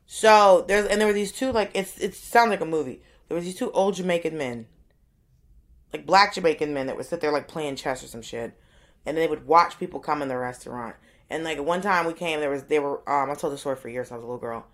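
A woman's voice: sits low, a little fast. A young woman in casual conversation, telling stories animatedly, acting out quotes and swearing freely. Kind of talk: casual chat.

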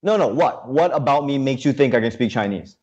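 A man's voice: medium pitch, lively intonation, brisk, darkish tone, highs cut off. A man playing a comedy news correspondent, ranting indignantly and filling his speech with lots of uh's. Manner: indignant, ranting, heavy with uh fillers. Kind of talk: scripted comedic banter.

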